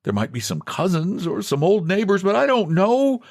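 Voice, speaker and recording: A man's voice: huge pitch swings, normal speed, a little mellow, heavily acted. A man voicing a broken middle-aged clerk who pleads pitifully to be believed. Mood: pleading. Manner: pitiful, high and begging.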